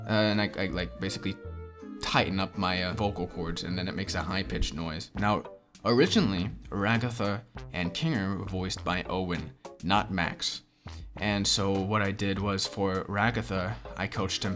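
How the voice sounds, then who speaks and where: A young man with a lowish voice talks through viewer questions in a relaxed, rambling way, dropping in plenty of fillers. Background music plays clearly under his voice. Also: brisk. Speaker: channel host answering questions. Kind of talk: casual Q&A chat.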